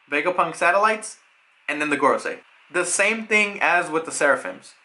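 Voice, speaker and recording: A young man casually recapping a manga chapter in a loose, rambling way, with lots of fillers, breaking into excited paraphrased lines. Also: on the high side. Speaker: manga reviewer.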